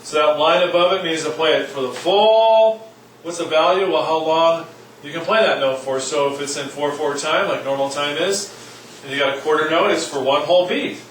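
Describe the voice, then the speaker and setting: A man's voice: fairly high pitch, moderate pace, a bit bright. A man teaching a casual music lesson, joking around and singing short demonstration syllables. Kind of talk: informal classroom lesson. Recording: echoey room, mic at a distance, faint noise.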